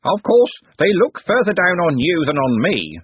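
A man's voice: fairly high pitch, big pitch swings, normal speed, husky, no room sound, pitched above the performer's own voice, exaggerated voice. A man voicing a pompous, bossy old male candle keeper who barks orders. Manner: blustering, barking orders. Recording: tinny phone-like dry sound.

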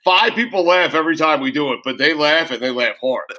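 American sports talk host, brisk question-asker, bright slightly high voice. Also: male voice, rough recording. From United States. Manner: brisk, steers the segment with quick questions. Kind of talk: casual chat.

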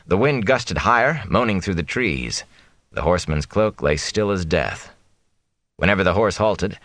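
A man reading a fantasy novel aloud in a measured, suspenseful way. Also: deep voice, fairly bright tone, no echo. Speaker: audiobook narrator. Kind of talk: scripted fantasy narration.

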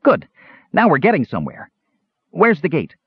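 A man voicing an excitable, naive and curious young male kender who talks eagerly and politely. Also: a little high, normal speed, slightly rough, dry recording, lo-fi sound, voice pushed up, heavily acted. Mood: confused.

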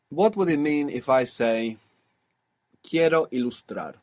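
A man's voice: fairly high pitch, lively intonation, unhurried, pauses often, darkish tone. A man teaching a language lesson, patiently prompting and explaining.

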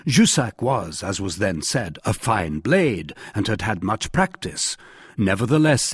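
A male audiobook narrator whose voice carries a husky edge. His pitch moves in a lively way, and the recording is dry and close. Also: dry recording. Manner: lively dramatic reading, rising pitch on quoted speech. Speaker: audiobook reader. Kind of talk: scripted narration.

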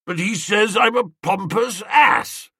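A man's voice: medium pitch, wildly swooping pitch, slow, vocal fry, pushed and bright, breathy edge, dry recording, clean studio sound, full character voice. A man voicing a large blustering bully who sulks and pleads in protest. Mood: aggrieved.

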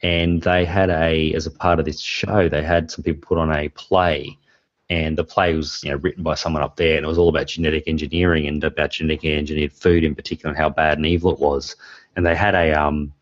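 A man's voice: very deep voice, level tone, quick pace, no echo. A man in his forties, a podcast host who tells rambling stories and laughs often. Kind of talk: casual chat. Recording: dry, dull lo-fi sound.

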